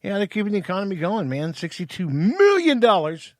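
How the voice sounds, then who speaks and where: A man's voice: high voice, sing-song, brisk, no room sound. A man co-hosting a podcast in a studio, bantering and joking in casual chat. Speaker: podcast co-host.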